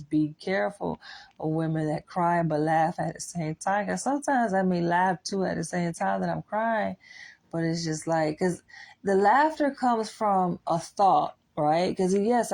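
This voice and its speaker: A woman's voice: lowish voice, unhurried, creaky, a little mellow, low-quality recording. A woman vlogging a candid personal monologue, blunt and profane, laughing often between points.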